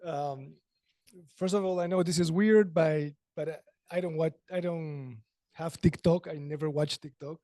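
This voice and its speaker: A man speaks off the cuff at a club meeting and pauses often to find his words. His voice sits fairly high yet sounds mellow and dark, and the recording is dry. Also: fairly even intonation, no echo. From Peru. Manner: hesitant, searching for words. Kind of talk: impromptu answer.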